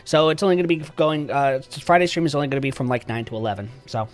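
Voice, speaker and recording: Animated, profane livestreamer. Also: mid-range voice, very fast, soft background music. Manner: animated, profane, joking mock rants. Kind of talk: casual live-stream chat.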